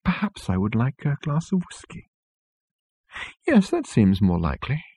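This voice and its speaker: A man voicing a gentle, vague hermit who muses softly and answers questions with more questions. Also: mid-range voice, wildly swooping pitch, moderate pace, slightly rough, dry recording, voice pushed up, heavily acted. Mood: musing. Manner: mild, musing, softly questioning.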